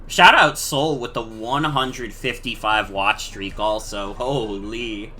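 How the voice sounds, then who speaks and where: A man's voice: fairly low pitch, slow, pushed and bright, a little hiss or hum. A man streaming a retro game, chatting casually with lots of filler words and cursing. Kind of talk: casual gameplay commentary.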